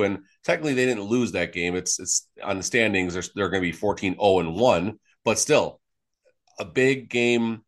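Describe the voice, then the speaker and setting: Rambling low-voiced male co-host. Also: moderate pace. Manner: rambling, with many fillers and restarts. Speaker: podcast co-host. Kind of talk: casual sports podcast chat.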